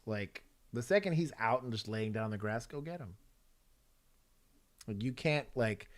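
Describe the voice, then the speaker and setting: A man's voice: mid-range voice, lively intonation, moderate pace, long pauses. A man from Texas, a former police officer, hosting a casual livestream and wryly grading police footage.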